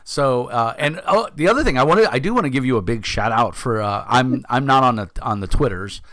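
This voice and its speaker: A man's voice: medium pitch, expressive, normal speed, a bit bright, no room sound, clean studio sound. An older man with a Brooklyn accent hosting a casual interview over a video call, joking, cursing and rambling as he talks. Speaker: podcast host.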